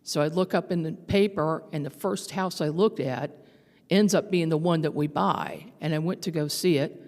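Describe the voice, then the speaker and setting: A woman's voice: low-pitched, moderate pace, darkish tone. An older woman giving a conference talk, telling stories in a conversational way with fillers and restarts. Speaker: conference speaker. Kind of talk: storytelling talk. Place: large conference hall. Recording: long hall reverb.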